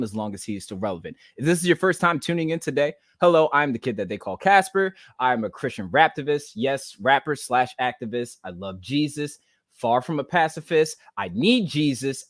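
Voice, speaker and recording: A man hosting a casual podcast, telling a funny story with lots of energy and then introducing his guest in a relaxed voice. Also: no echo, clean studio sound. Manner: animated, joking, shifts from high excited storytelling to low relaxed host voice. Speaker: podcast host.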